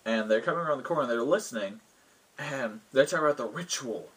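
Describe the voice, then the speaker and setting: Man, game master retelling a tabletop game session, casual and rambling, husky voice. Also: medium pitch, animated, fast talker, a bit bright, rough recording. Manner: rambling, full of fillers. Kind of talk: casual storytelling.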